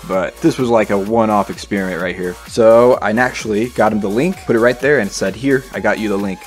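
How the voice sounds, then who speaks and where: A man chatting about a game and reading out players' messages in a joking, playful way. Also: on the low side. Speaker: gaming YouTuber. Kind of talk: casual gameplay commentary.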